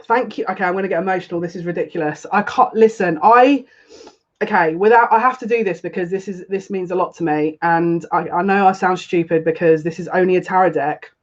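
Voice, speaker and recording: On a psychic tarot live stream, a woman hosting the channel chats casually and greets viewers one at a time, her lowish voice fairly even in intonation at a moderate pace. She gushes effusively and seems on the verge of tears. The recording sounds a little dull and lo-fi.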